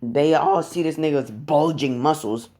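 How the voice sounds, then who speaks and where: A man's voice: on the high side, unhurried, warm tone. A man casually telling a made-up fan story, rambling and cursing along the way. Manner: rambling, profane, chuckling.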